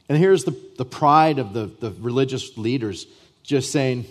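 A man pastor preaching a sermon to his church, emphatic, with repeated starts and swings between loud and soft. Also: medium pitch, normal speed. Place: church sanctuary.

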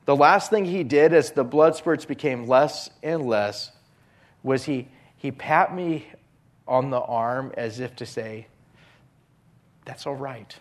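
A man preaching a sermon as a pastor, earnest, often dropping his voice to a hushed whisper on key phrases. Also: mid-range voice, slow pace.

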